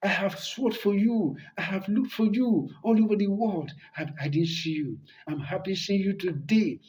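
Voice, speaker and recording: A man's voice: high-pitched, moderate pace, darkish tone, natural voice. A man voicing a young male warrior who is a dying son, pleading and repeating each line. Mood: tender farewell.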